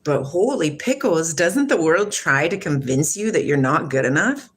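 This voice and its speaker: A woman's voice: low-pitched, expressive, moderate pace, breathy edge. A woman in her forties from Washington state, musing casually and reflectively about spirituality while answering a livestream chat, laughing often. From Washington state, USA. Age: 40s.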